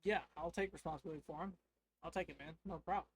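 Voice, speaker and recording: A man's voice: a little high, fairly even intonation, a little hiss or hum, lightly acted. A man doing a hollering jolly shopkeeper. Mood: easygoing. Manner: hooting and hollering, drawn-out. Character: loud jolly adult male shopkeeper.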